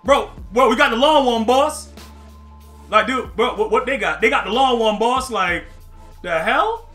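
A young man streaming a football video game, talking to his chat in loose slang and breaking into excited yelling. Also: very high-pitched, a little slow, soft background music. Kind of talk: live gameplay commentary to chat.

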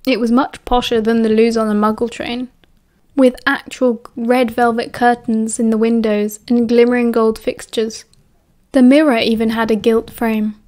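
A woman with a British accent reads a novel aloud in a steady, expressive audiobook style. Her voice sits a little high for a woman. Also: moderate pace. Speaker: audiobook narrator. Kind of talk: audiobook narration.

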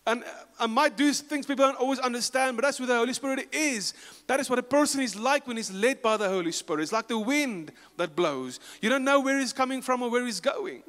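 A man with a South African accent preaching a sermon as pastor, moving between loud, rising declarations and quiet storytelling. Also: extremely high pitch, lively intonation, brisk, long reverb tail. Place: church sanctuary.

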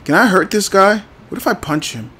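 A man's voice: high voice, sing-song, a little fast, sharp tone, slight background noise. A man commentating a video game playthrough with goofy mock-angry outbursts and apologies. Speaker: gameplay commentator. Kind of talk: let's play commentary.

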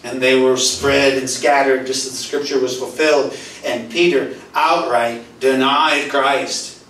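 Pastor, male, preaching sermon, animated storyteller, distant mic in roomy hall. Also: medium pitch, measured pace, slight background noise. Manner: storytelling, acts out quoted dialogue, swings from loud to soft. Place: church hall. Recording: roomy echo, voice from far off, faint ambience.

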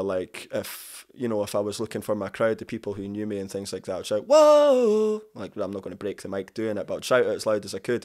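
A man's voice: lowish voice, darkish tone. A middle-aged man, a musician, chatting casually in an interview, rambling and enthusiastic. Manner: rambling and enthusiastic, lots of "you know". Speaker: musician guest.

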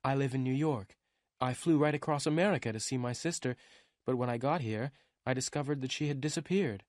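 A man reading the part of a cold, impatient young woman client, in a soft, low-key voice. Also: fairly quick, no echo, clean studio sound, natural voice. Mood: irritated. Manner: curt and cool, quieter than the narration.

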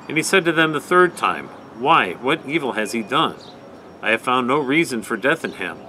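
A man leading a night prayer service, giving a measured, even scripture reading. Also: mid-range voice, a little hiss or hum, low-quality recording.

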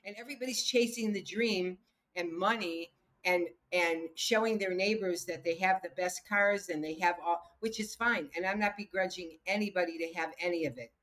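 A woman's voice: lowish voice, moderate pace. A woman, a health coach and entrepreneur, telling stories in a casual interview and acting out the people in them. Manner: lively storyteller who acts out the voices of people in her stories. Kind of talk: casual storytelling in a podcast interview.

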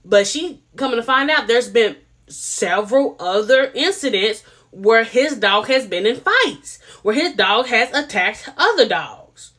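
A woman's voice: fairly high pitch, a little slow. Sassy woman recapping reality TV. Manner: animated, sassy, repeats herself for emphasis. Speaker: reality TV reviewer. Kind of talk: casual commentary.

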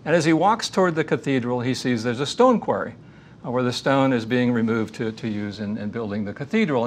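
A man giving a faith-based lecture in an earnest, measured teaching manner, weaving in stories. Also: medium pitch, a little hiss or hum.

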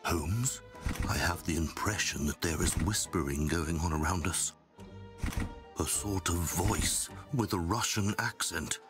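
A man's voice: low voice, a little slow. A man voicing a loyal, literal-minded detective's sidekick in a video game, speaking earnestly. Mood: uneasy. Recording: game audio over music.

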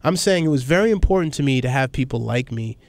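A man's voice: mid-range voice, quick pace, no room sound. Candid, rambling man in a dry interview. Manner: candid, rambling, animated storytelling. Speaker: guest. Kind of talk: conversational interview.

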